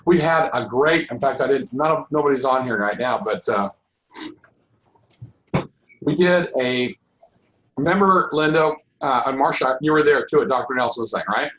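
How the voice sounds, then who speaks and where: A middle-aged man teaching a holistic healing class, talking informally and restarting his sentences, his voice going hoarse. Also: mid-range voice, moderate pace, long pauses, fairly bright tone, poor audio. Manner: rambling, restarts sentences often. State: losing his voice. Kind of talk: informal online class talk.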